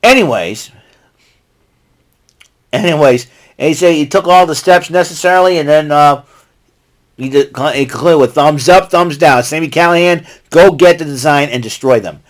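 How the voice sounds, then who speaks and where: An American man hosting his own vlog, giving an excitable, rambling recap full of asides and restarts. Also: fairly high pitch, moderate pace, pauses often. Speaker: vlog host recapping wrestling.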